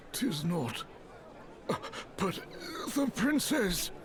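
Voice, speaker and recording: An actor playing a wounded old knight who speaks in courtly, archaic English. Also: male voice, sits high, wildly swooping pitch, very slow, heavy background noise, exaggerated voice. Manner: archaic formal speech. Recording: game audio under music.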